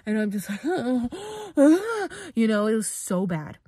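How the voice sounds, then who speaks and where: A woman's voice: medium pitch, fairly quick, dry recording. Young woman telling a story, dry close mic. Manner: animated retelling, acts out her own panicked voice; heavy use of "like", informal swearing. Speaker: podcast host. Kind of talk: casual storytelling.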